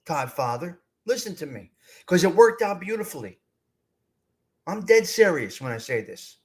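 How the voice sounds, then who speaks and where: A middle-aged man hosting a casual live stream, talking bluntly and straight to his chat. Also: high voice. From North Jersey. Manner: animated, blunt, streetwise, talks straight to chat.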